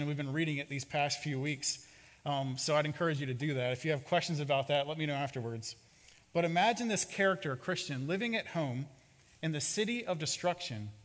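Man preaching in an echoing hall. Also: on the high side. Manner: expressive storytelling, dramatic. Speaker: pastor. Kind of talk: sermon. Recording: reverberant hall.

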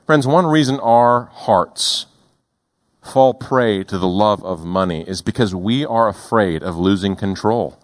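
A male pastor preaching a sermon in a deliberate, emphatic way, slowing down on key words. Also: fairly low pitch.

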